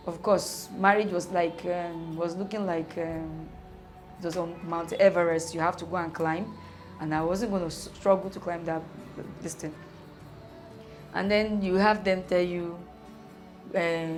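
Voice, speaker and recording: A young woman telling her own story in an animated way, with rhetorical questions and laughing asides. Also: on the low side. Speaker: interviewee. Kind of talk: personal storytelling. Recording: music playing underneath.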